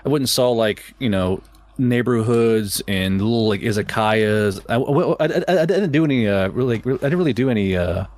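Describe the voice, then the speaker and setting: A man's voice: mid-range voice, animated, normal speed, darkish tone. A man telling a long travel story in casual chat, profane and rambling, with stammered restarts and laughs.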